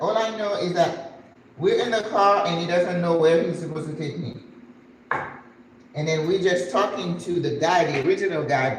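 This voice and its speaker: Cooking as she talks, this older channel host spins a casual tale with animated flair, voicing each character herself. She speaks at a fairly low pitch in an echoey space with a little background noise.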